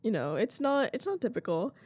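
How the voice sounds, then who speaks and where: A woman's voice: on the high side, very animated, brisk, darkish tone, breathy edge. Rambling young woman podcast host. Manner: rambling, full of fillers like "like". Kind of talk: casual chat.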